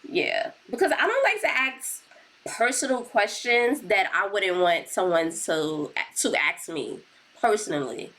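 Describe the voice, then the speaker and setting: A woman's voice: medium pitch, expressive, unhurried, fairly bright tone. A woman hosting a reaction video, chatting casually and laughing often.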